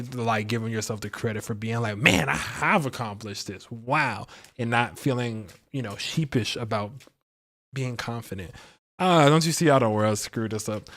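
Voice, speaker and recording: A man hosts a relaxed livestream tarot reading, his voice sitting at an ordinary middle pitch. He talks in a loose, playful way, pokes fun at himself and leans on plenty of fillers. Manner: chatty and playful, laughs at himself, many fillers. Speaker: astrology and tarot reader, livestream host.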